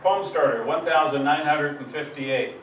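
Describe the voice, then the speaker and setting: At a live poetry venue, a male poet with a somewhat high voice reads at a moderate pace, pushing rhythmically and emphatically through long lists. Slight background noise, faint ambience, room echo and a far-off microphone color the sound.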